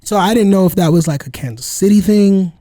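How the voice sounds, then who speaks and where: A man's voice: high-pitched, fairly quick, no room sound. A man co-hosting a podcast, telling stories in casual, slangy chat full of "like" and "you know". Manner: storytelling, animated, slangy, lots of "like" and "you know". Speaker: podcast co-host.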